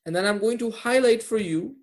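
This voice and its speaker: A man's voice: high-pitched, a little fast. A man teaching a live online grammar class over a video call, quizzing his students and laughing at his own jokes.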